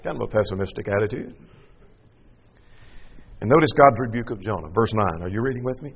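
A man preaching a sermon, reading scripture aloud and explaining it, rising into loud dramatic lines and falling to quiet asides. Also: brisk, pauses often, breathy edge, big-room sound. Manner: expressive, acts out scripture with rising pitch and drops to quiet asides.

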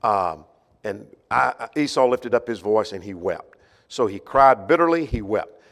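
Leading a Bible class lecture, a man thinks out loud, restarting phrases and repeating words along the way. His voice is on the low side, animated, and a little slow. A hall's long reverb surrounds the recording.

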